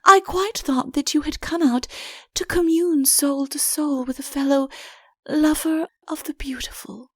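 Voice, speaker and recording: A woman voicing a scheming, flirtatious countess in an audiobook, with a breathy, whispery delivery and a put-on meekness. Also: high voice, unhurried, fairly bright tone, no echo, studio quality, voice pushed up. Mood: eager, coy. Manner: coy, feigns meekness. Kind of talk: audiobook character voice.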